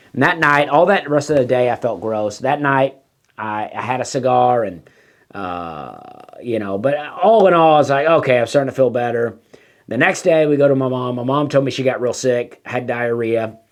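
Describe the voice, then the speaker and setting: A man, a comedian telling a meandering story, full of fillers and lost trains of thought. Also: medium pitch. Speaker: stand-up comedian. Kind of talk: rambling comic storytelling.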